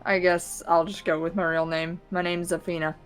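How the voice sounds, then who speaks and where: A woman's voice: fairly low pitch, level tone, moderate pace, music in the background. A young woman playing a tabletop game with friends, asking questions in an earnest, slightly hesitant way. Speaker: player. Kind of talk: casual tabletop game chat.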